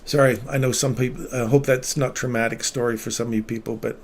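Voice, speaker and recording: A man's voice: mid-range voice, fairly even intonation, fast talker, slight background noise. Earnest man telling an emotional story. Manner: earnest, emotional storytelling, drops to near-whisper at tender moments. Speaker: livestream trading host, former paramedic. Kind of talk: casual livestream chat.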